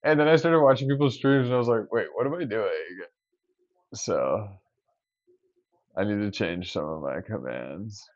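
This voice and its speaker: A man streaming and chatting loosely with his viewers, with easy laughs and casual swearing. His voice sits low. The sound is dry and a little dull. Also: animated, moderate pace, no room sound.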